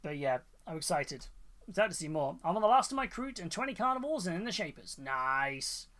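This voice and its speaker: Male streamer, upbeat rambling chat, slightly high pitch. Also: big pitch swings, fairly quick, a bit bright. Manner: enthusiastic, rambling, many fillers and restarts. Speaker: livestream host. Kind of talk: casual chat reacting to viewers' miniatures.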